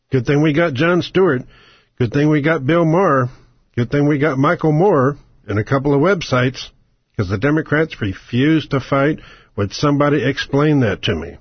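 A man's voice: on the high side, slightly rough, dry recording, muffled recording. A man hosting a talk radio show, ranting about politics with angry sarcasm, profanity and strings of rhetorical questions.

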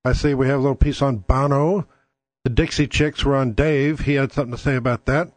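A man's voice: medium pitch, fairly even intonation, brisk, dry recording. A man hosting his own talk show, talking bluntly and combatively with plenty of swearing. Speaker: podcast host. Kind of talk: casual political talk.

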